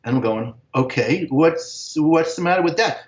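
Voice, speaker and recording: A man's voice: medium pitch, moderate pace, few pauses. Rambling older man, echoey lo-fi audio. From United States. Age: 60s. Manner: rambling, slangy, keeps saying "man". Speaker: interview guest. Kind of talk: casual storytelling.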